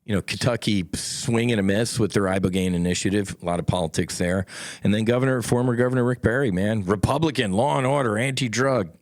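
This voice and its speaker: A man's voice: lowish voice, a little fast, no room sound, studio quality. A middle-aged man hosting a solo podcast, talking in a blunt, impassioned way and swearing freely. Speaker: podcast host.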